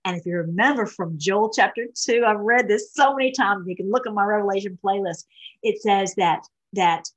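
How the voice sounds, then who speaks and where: Woman, middle-aged, breathy voice, rambling casual commentary, lots of restarts. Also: medium pitch, moderate pace, poor audio. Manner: rambling, many restarts and fillers. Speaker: online show host. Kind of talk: casual commentary reading posts.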